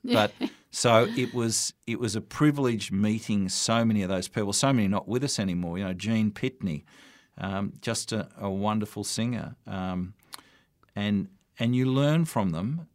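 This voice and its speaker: An older Australian broadcaster recounts his years as an MC, voice sitting a little low. The sound is dry and close, with no room around it. He tells his stories with quoted dialogue. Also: normal speed, dry recording. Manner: anecdotal, warm storytelling with quoted dialogue. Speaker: radio broadcaster and MC. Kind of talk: storytelling interview answers.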